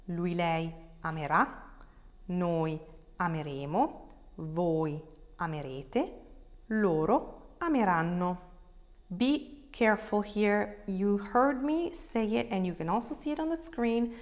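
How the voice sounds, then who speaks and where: A woman teaching an Italian grammar lesson to camera, explaining clearly and patiently, slowing down to model each conjugation and spelling out endings letter by letter. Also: fairly low pitch, a little mellow.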